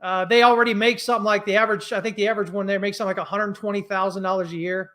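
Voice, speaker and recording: High-voiced American man ranting bluntly. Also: little pitch movement, pushed and bright. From United States. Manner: blunt, ranting, quick to anger; conversational, many fillers and restarts. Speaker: trading commentator. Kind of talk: casual market commentary.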